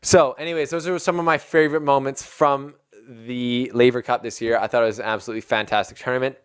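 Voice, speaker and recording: Chatty man recapping tennis, smooth voice. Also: mid-range voice, fast talker. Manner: chatty and excitable, laughs often. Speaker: tennis video host. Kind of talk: casual recap commentary.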